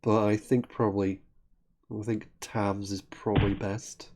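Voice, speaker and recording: A man's voice: lowish voice, flat delivery, measured pace, background noise. A man commentating live on a word game, thinking aloud and often correcting himself. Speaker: Scrabble commentator.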